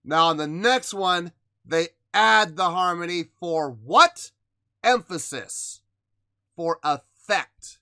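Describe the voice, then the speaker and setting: A man's voice: high voice, animated, takes it slowly, sharp tone, no echo. A man hosting a music reaction show, talking casually and emphatically as he breaks down what he just heard, at times playfully defiant. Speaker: music reaction channel host.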